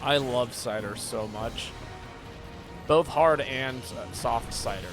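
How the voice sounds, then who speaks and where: A man streaming a game, chatting casually and joking with his viewers, now and then yelping with excitement. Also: medium pitch, slow. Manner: relaxed, joking, with sudden excited yelps. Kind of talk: casual gameplay chat. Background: game music.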